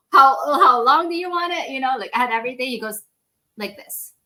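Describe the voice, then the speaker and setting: A woman in her forties, a medical device sales rep guesting on a podcast, telling stories in a casual, animated way, laughing often and acting out quoted dialogue. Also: high voice, moderate pace. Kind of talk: casual storytelling interview.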